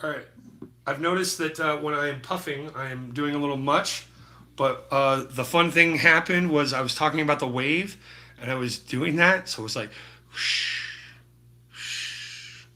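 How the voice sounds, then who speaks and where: A man's voice: fairly high pitch, normal speed, bright, forceful tone. A man chatting casually with his live-stream chat while he paints, laid-back and full of slang. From Utah. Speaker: livestreaming painter.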